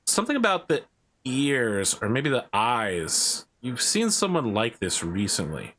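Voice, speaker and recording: Slow-talking male game master. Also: mid-range voice, huge pitch swings, a bit bright. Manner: unhurried, descriptive narration with fillers. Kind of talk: narrating a tabletop role-playing game.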